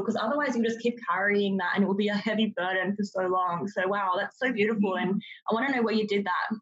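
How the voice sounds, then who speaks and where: A woman chatting candidly as a podcast co-host, blunt and swearing freely. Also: mid-range voice. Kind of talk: casual chat. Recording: dull, lo-fi sound.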